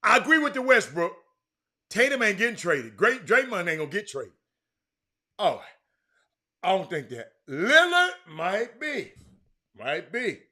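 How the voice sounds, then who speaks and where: A middle-aged man with a high-pitched, sharp voice hosts a casual sports talk stream. He reads viewer comments out loud and frequently drops into a mutter.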